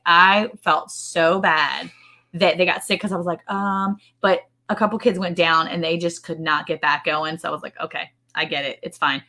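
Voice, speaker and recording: A woman's voice: low-pitched, bright, forceful tone. A woman, casually co-hosting a ranch live stream, chatty and giggly as she greets viewers. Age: 40s. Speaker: ranch livestream co-host.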